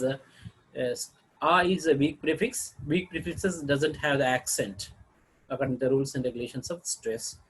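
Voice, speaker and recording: Husky Indian-accented man teaching pronunciation. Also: a little high, rough recording. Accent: Indian English. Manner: halting, frequent throat clearing and filler sounds. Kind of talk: lecture-style video lesson.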